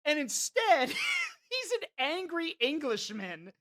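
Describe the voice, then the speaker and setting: A man's voice: very high voice, wildly swooping pitch, takes it slowly, pushed and bright. A man streaming a video game in casual commentary, chatty and often bursting into laughter.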